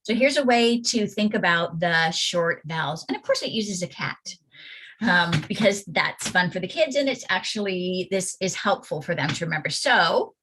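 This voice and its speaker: A woman's voice: fairly low pitch, expressive, normal speed, a bit bright, breathy edge. A woman reading teacher giving an online phonics workshop for parents, sounding out letters and vowel sounds with care. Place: home or classroom at computer, presenting slides.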